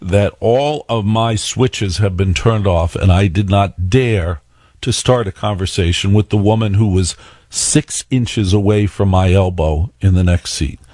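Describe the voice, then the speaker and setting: A man's voice: fairly low pitch, a little slow, a little mellow, no room sound, clean studio sound. A man hosting a radio talk show, telling a story and asking listeners rhetorical questions. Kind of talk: radio monologue.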